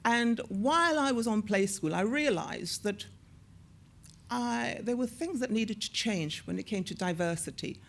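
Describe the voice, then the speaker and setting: A woman in her sixties, an actor and former TV presenter, telling lively stories in an onstage interview and acting out the voices she quotes. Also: a little high, unhurried, creaky. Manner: lively storyteller who acts out quoted voices. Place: on a stage at a screening event.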